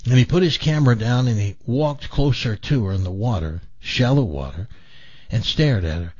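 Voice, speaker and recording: A man hosting a talk show, telling a long joke in an animated way, restarting and repeating words as he goes. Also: mid-range voice, moderate pace, lo-fi sound. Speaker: radio show host.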